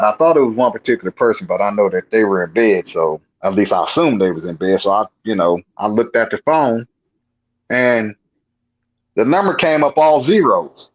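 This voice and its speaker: A man's voice: lowish voice, lively intonation, moderate pace, highs cut off. A man, a guest on the show, telling his own encounter in a rambling, colloquial way with frequent restarts. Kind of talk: casual storytelling.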